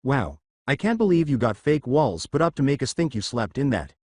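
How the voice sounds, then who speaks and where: A bubbly, playful teenage girl from a fan fiction story, always exclaiming, as a man puts her on. The pitch moves a lot and the sound is dry. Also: normal speed, no echo. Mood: excited. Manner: excited, exclaiming.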